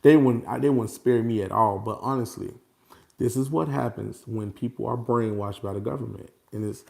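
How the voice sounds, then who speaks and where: Animated man ranting to his followers. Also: medium pitch, moderate pace, vocal fry. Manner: animated and repetitive, slipping into laughter. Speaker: vlogger addressing his followers. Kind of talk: casual unscripted monologue.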